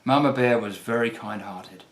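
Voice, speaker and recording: A man reading a children's fairy tale aloud as the storyteller, gentle and unhurried. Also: fairly low pitch. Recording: roomy echo.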